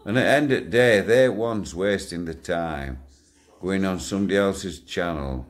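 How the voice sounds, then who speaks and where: Speaking at a moderate pace in a deep voice, this older channel owner delivers a loose, rambling monologue to his viewers. His talk is blunt and full of swearing, and he chuckles as he tells his stories.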